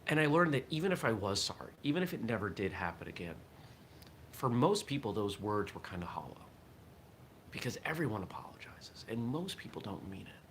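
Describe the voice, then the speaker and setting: A man with a low, deep voice hosts a casual morning livestream and talks his thoughts through as they come. His tone is bright and forceful. A faint hiss sits under the recording. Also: big pitch swings, brisk. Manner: reflective, thinks aloud with restarts. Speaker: host of a martial arts morning show.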